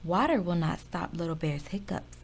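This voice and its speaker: A woman voicing a gentle, caring mother bear in a storybook reading. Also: lowish voice, expressive, moderate pace, creaky, husky, exaggerated voice.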